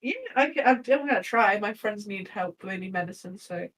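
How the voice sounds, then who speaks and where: A woman's voice: medium pitch, fairly quick, a bit bright, far from the mic, poor audio. A woman playing a tabletop game, chatty and laughing, swearing now and then as she talks through her character's actions. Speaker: player.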